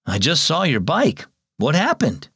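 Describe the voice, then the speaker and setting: A weary but kind father who speaks gently and reassuringly, as a man voices him in a story reading. His tone rises and falls with expression, and the sound is close and dry. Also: on the high side, wildly swooping pitch, unhurried, breathy edge, no room sound, heavily acted. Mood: gentle. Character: kind, tired, faithful father.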